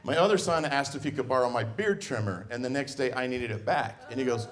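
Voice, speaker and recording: A middle-aged man on a comedy club stage tells family stories, animatedly acting out the scenes. He speaks briskly at a medium pitch.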